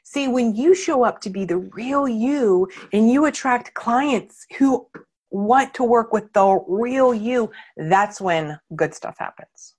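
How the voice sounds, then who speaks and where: A woman's voice: on the high side, animated, slow pace, darkish tone, slightly rough. A woman coaching her clients in a candid training talk, emphatic and blunt, and she swears freely. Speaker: marketing coach.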